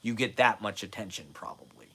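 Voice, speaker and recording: A man's voice: on the low side, fairly even intonation, a little fast, fairly bright tone. A man in his forties from the United States, rambling in a self-deprecating, profane monologue and laughing often, at times drifting away from the mic.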